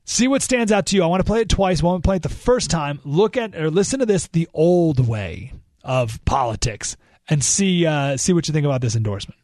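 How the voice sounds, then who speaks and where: A man hosting a talk radio monologue. He speaks in a fairly high, animated voice that jumps into exclamations. The sound is dry and close on a studio microphone. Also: fairly quick, no echo. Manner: animated, exclamatory, thinking aloud with restarts. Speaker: radio talk show host.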